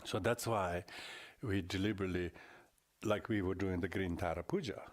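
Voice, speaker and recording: An older man giving a dharma talk as a Buddhist lama, halting and often restarting his words. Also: low voice, fairly even intonation.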